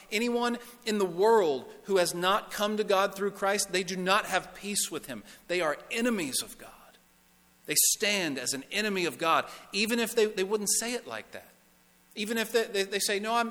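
Guy preaching a sermon, kinda high bright voice, repeats stuff then goes real quiet, church echo. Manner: emphatic preaching, repeating phrases, dropping to a hush on key words. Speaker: pastor. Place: church sanctuary.

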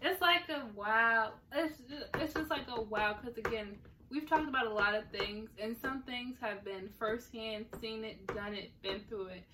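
A young woman from Central New Jersey co-hosting a podcast in casual chat, talking in an animated, emphatic way. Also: a little high, normal speed, few pauses. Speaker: podcast co-host. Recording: distant mic with faint noise.

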